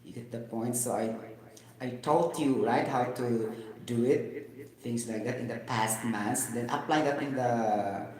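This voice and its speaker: A man's voice: mid-range voice, measured pace, darkish tone. Filipino-accented male English tutor, chatty and repetitive, very echoey room. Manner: repeats "you get the point", chuckles, mixes in Tagalog. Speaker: English teacher. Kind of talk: informal teaching talk.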